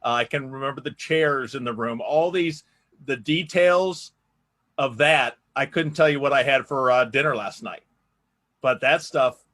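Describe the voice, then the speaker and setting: Soft-spoken, thoughtful man, mid-range voice, podcast co-host. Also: mid-range voice, measured pace. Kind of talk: casual podcast conversation.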